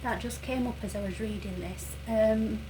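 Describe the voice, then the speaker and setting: A woman giving a tarot reading who speaks gently and earnestly, with many pauses and fillers, and who sounds emotional and close to tears. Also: fairly high pitch, noisy background. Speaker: tarot reader. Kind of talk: reassuring tarot reading to viewers.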